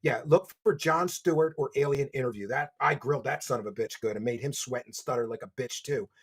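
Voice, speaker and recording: A man with a Philadelphia accent hosting a livestream, reading donations and mocking his subject with loud bursts. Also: mid-range voice, fairly quick, breathy edge. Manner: mocking, loud bursts, reads chat aloud. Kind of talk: casual livestream commentary. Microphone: desk microphone.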